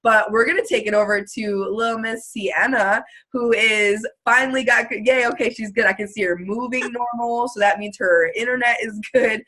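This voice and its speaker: A woman's voice: a little high, fairly even intonation, normal speed, hardly any pauses, pushed and bright. A woman hosting a casual video call, effusive and gushing, full of "like" and filler words. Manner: effusive, gushing, lots of "like" and laughter. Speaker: host.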